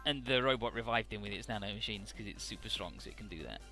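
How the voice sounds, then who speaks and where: Let's-play host, man, rambling and profane, bright tone, faint game music. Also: fairly low pitch, quick pace, gravelly. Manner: rambling, profane, loose summarizing. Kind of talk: casual game commentary.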